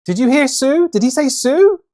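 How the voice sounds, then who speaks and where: A man's voice: very high-pitched, animated, normal speed, dark tone. A man hosting a live stream, rambling and ranting about a game trailer in casual reaction commentary. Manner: rambling, ranty, lots of restarts and fillers.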